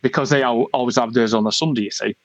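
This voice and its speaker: A man's voice: mid-range voice, fairly even intonation, fast, no echo, highs cut off. A man with a Wigan accent, chatting as an interview guest in a colloquial, rambling way. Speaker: convention organiser, guest. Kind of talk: casual interview chat.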